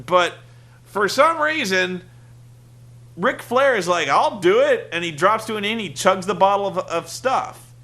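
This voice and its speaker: A man's voice: high-pitched, sharp tone. A young man hosting a casual wrestling review podcast, sarcastic and rambling, acting out the quotes he recounts.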